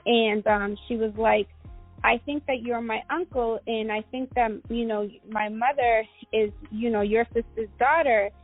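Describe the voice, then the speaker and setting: Middle-aged woman, fairly high voice, rambling interview storytelling, phone-like sound. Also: steady tone, a little slow, no room sound, soft background music. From Guatemala. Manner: rambling, many fillers and restarts. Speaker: guest entrepreneur.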